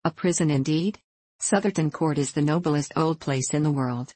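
Fussy old aunt rambling on and bragging, low voice, dry sound, woman reading her. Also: normal speed, a little mellow, breathy edge, no echo. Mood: indignant. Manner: rambling and self-important. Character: fussy, boastful older English aunt, talkative. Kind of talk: audiobook reading.

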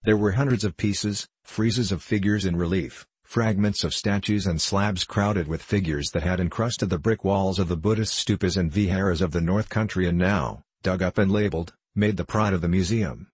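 A man doing measured, steady audiobook narration. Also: low-pitched, slightly rough, no echo.

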